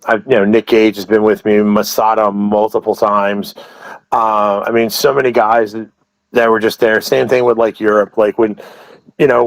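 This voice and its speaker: Rambling low-voiced man telling stories. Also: dry recording, poor audio. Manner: rambling, many restarts and "you know" asides. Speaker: wrestling promotion owner, interview guest. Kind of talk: casual interview storytelling.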